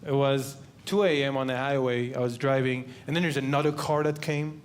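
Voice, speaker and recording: A man doing stand-up comedy, telling a story in a slow, deadpan way, into a handheld mic on a club stage. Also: mid-range voice. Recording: noisy room with laughter.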